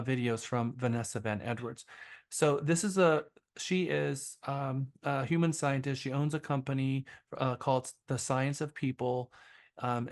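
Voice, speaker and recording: A man with a mid-range voice runs a live sales training class. He talks casually and loosely, filling pauses with ums and uhs. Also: mid-range voice. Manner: casual, many fillers.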